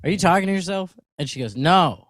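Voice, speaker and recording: A man's voice: high voice, rapid-fire, no room sound, clean studio sound. A young man in his twenties co-hosting a podcast, telling stories in casual banter and laughing often. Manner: animated storytelling, laughs often. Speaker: podcast co-host.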